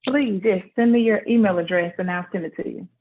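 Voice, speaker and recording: A woman leads an informal Bible class over a video call. She talks easily and plainly, in a folksy, unhurried way. Her voice comes through a narrow, phone-like line. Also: mid-range voice. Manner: folksy and conversational, with a relaxed dialect.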